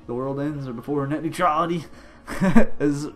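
A man giving casual, excitable gameplay commentary as a gaming channel host, cheering and shouting at plays and dropping slangy banter. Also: a little high, moderate pace, faint music behind.

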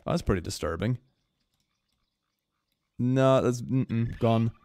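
A man streaming a game, commenting casually and excitably, swinging between gushing and mumbling with frequent laughs. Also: medium pitch, takes it slowly, creaky, no echo.

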